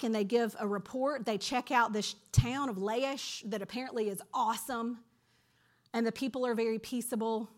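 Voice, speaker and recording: Woman teaching the bible, kinda high voice, chatty and lively, reads the verses out. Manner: lively, conversational storytelling.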